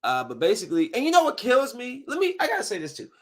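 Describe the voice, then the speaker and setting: A man's voice: very high voice, wildly swooping pitch, quick pace, a bit bright. A male podcast host in a casual, profane rant, full of sudden outbursts as he reviews shows.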